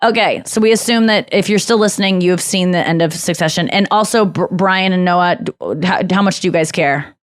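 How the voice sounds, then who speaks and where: A woman in her thirties hosts a casual podcast chat, her voice sitting a little low for a woman. She rambles in an animated way and restarts her sentences often. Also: fairly quick, hardly any pauses. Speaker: podcast host.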